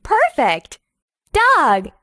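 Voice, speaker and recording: A woman voicing a cheerful young farmer who guides children through a game, speaking slowly in a sing-song, encouraging way. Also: high voice, huge pitch swings, fairly bright tone, a little hiss or hum, full character voice. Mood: sunny, encouraging. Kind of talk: scripted children's game voice-over.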